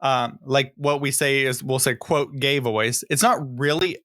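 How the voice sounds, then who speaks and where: Male podcast co-host, relaxed hesitant chat, average pitch, dry close mic. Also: unhurried, no room sound. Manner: loose and hesitant, many fillers. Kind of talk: casual chat.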